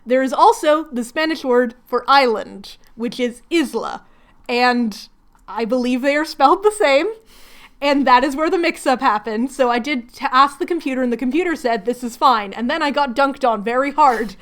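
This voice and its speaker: A woman's voice: high-pitched, normal speed. A woman chatting casually while doing crafts at home, rambling and laughing often. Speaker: craft vlogger hosting a hangout.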